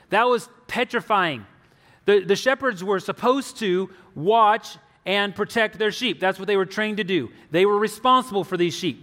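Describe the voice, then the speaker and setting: Earnest high-voiced preacher in a reverberant space. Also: male voice, fairly bright tone. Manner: earnest, slows for emphasis and drops low on key words. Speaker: pastor. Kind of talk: sermon.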